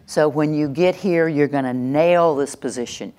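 Workshop presenter, woman, deep-set voice, lively and playful delivery. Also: normal speed. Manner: animated, acts out little scenes and laughs along. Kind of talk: live teaching talk to an audience.

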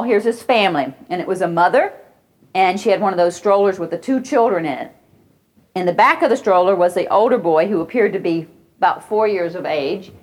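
A woman giving a parenting lecture, telling anecdotes and acting out children's cries and voices along the way. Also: medium pitch. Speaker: parenting educator.

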